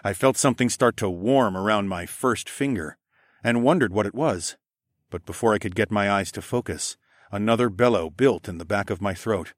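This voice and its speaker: A man's voice: on the low side, normal speed, dry recording, studio quality. A man narrating a first-person fantasy audiobook expressively, acting out the dialogue.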